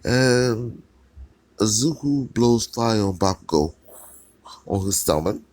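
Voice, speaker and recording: A man's voice: fairly low pitch, lively intonation, takes it slowly, darkish tone, dry recording. A man narrating a fan story in a casual, rambling way with fillers and restarts.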